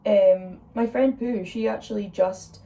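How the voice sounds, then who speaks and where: A young woman talks openly to camera while getting ready, her voice sitting at a middling pitch with a gravelly fry. She rambles from thought to thought with lots of fillers, in an easy get-ready-with-me chat. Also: steady tone, measured pace, dark tone. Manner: chatty and open, rambling with fillers. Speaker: vlogger. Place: indoors at home, doing makeup.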